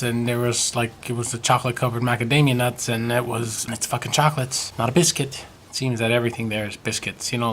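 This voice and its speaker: A man's voice: medium pitch, a bit bright, a little hiss or hum. A man giving a rambling, profane video response, now and then slipping into mock British voices. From United States. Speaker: vlogger.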